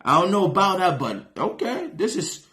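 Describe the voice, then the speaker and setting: A reaction host, a man with a high voice that swings widely in pitch, talking in loose slang and breaking into excited shouts. He comments casually on the track he is playing. The recording has a roomy echo. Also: normal speed.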